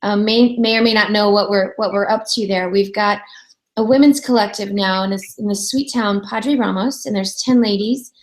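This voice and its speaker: A woman hosting an interview show chats casually at normal speed in a mid-range, steady voice, captured on a rough recording. She's a chatty storyteller on radio who acts out the voices of the people in her tales.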